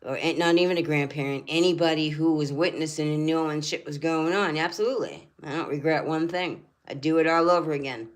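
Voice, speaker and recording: An older woman hosts a spiritual channel in a casual livestream, speaking earnestly, rambling, and repeating her phrases. Her voice sits low, and she talks fairly quickly with few pauses.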